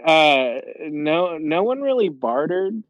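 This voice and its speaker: A man's voice: a little high, sing-song, takes it slowly, no echo, poor audio. A young man telling a long, rambling story in casual chat, swearing and using lots of fillers.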